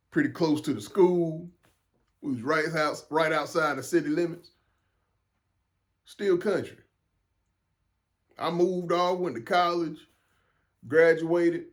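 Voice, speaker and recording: A young man from South Carolina with a Southern accent, hosting a solo podcast in a rambling, frank and profane way, often repeating and restarting his words. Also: a little high. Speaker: podcast host. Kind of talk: casual solo podcast monologue.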